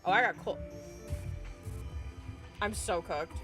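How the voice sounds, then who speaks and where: A woman's voice: medium pitch, slow, pushed and bright. A woman livestreaming a game, chatting casually and reacting with swearing and laughter. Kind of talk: casual live gameplay chatter. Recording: game music playing behind. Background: game music.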